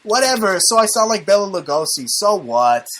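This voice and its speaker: An American man hosting a talk show, slightly high-voiced, with a brash and boastful delivery. He swears freely and rants in a casual, conspiratorial tone. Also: big pitch swings, normal speed, fairly bright tone. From United States. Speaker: host.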